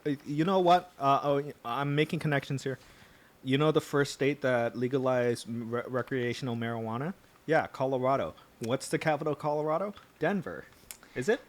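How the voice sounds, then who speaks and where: A man's voice: mid-range voice, normal speed. A man hosting a podcast in casual chat, rambling, correcting himself and laughing easily. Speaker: podcast host.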